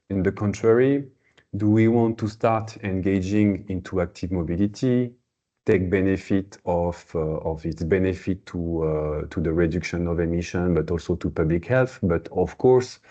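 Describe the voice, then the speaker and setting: A man's voice: low voice, dark tone. Hesitant man presenting a webinar. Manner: hesitant, many fillers and restarts. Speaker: webinar host. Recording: slightly dull lo-fi webinar audio.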